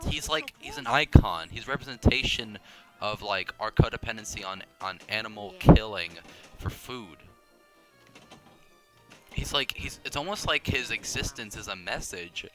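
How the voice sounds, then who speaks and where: Over loud music, a young gaming video creator speaks at normal speed in a fairly low, expressive voice. His gameplay commentary is casual and self-deprecating, full of rambling, restarts and tangents.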